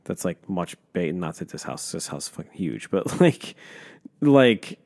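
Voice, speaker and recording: A man's voice: deep voice, very animated, measured pace, vocal fry, darkish tone. A young man co-hosting a podcast, chatting casually and bluntly, swearing often and cutting in. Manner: blunt, swears often, talks over the other speaker. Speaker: podcast co-host. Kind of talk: casual chat.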